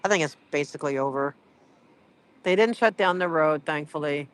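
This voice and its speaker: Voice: mid-range voice, normal speed, dry recording. A livestreamer chatting casually with viewers from a street event, rambling and teasing, full of filler words. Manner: rambling, full of "like" and "you know".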